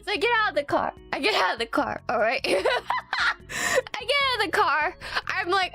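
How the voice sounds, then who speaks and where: A woman streamer telling a story in casual chat, laughing often, swearing freely and repeating herself excitedly. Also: sits high, a little fast, pauses often, faint music behind.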